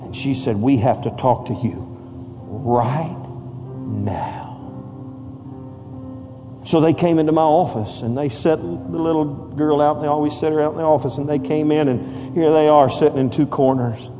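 A man pastor telling a story in a sermon, swinging from hushed to shouting with dramatic force. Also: fairly high pitch, moderate pace. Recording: long hall reverb, faint music behind.

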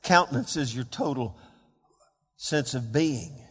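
A man preaching a sermon as pastor, dropping to hushed murmurs and rising to loud, fervent shouts of scripture. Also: medium pitch, animated, slow pace, breathy edge. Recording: long reverb of a large hall.

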